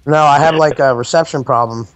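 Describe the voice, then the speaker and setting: Man co-host, blunt, swears, dry close sound, mid pitch. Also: fairly quick, no room sound, poor audio. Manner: blunt, profane. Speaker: radio co-host. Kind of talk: casual chat.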